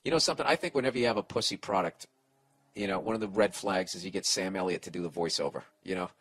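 A man's voice: deep voice, quick pace, breathy edge. A man hosting a comedy podcast, giving advice in a profane, rambling rant, restarting sentences and mimicking people. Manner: profane, rambling, animated ranting; restarts and mock voices for people in stories.

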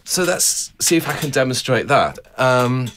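A man's voice: medium pitch, big pitch swings, unhurried, fairly bright tone, a little hiss or hum. A man giving an explanatory talk about music to a camera, thoughtful and conversational, often restarting phrases and asking rhetorical questions. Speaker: music teacher.

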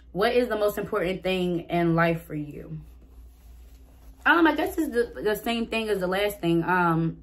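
A young woman vlogger casually answering get-to-know-me questions, chatting straight to her viewers. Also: lowish voice. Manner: reads out each question, then answers it.

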